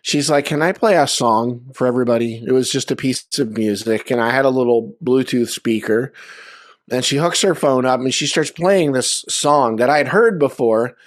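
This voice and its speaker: A man's voice: medium pitch, moderate pace, no room sound, clean studio sound. A man sharing loose, conversational anecdotes at a memorial over a video call, with lots of fillers. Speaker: memorial speaker. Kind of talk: storytelling at a memorial.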